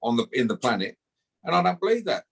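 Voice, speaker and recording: A man's voice: medium pitch, big pitch swings, fast, creaky, husky. A man, calling out a rival in brash, swearing casual talk and ending lines with a taunting "yeah?". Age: 50s. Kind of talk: heated casual callout.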